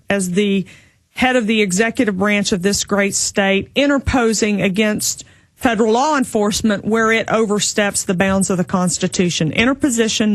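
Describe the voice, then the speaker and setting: A woman's voice: mid-range voice, no room sound. A woman political candidate from Texas answering interview questions in an assertive, speech-like manner.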